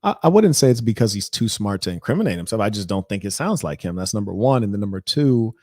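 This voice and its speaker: A man's voice: on the low side, sing-song, fast, darkish tone, no room sound, studio quality. A man hosting a reaction video, speaking in an indignant, rambling and emphatic way. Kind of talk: reaction commentary.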